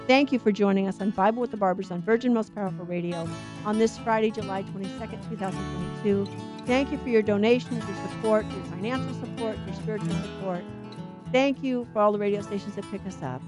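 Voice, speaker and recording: A woman's voice: medium pitch, a little fast, darkish tone, faint music behind. A middle-aged woman co-hosting a Catholic radio Bible study, talking in an earnest, conversational way with frequent restarts.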